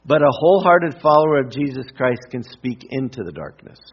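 A middle-aged man preaching a sermon with emphatic repetition and deliberate pauses. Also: fairly high pitch, animated, slightly rough, dull audio. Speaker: pastor.

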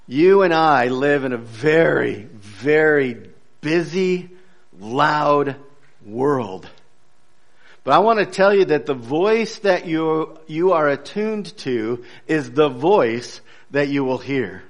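A man preaching a sermon as pastor, in a conversational, joking storytelling way with frequent hesitant fillers. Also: on the high side. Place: church.

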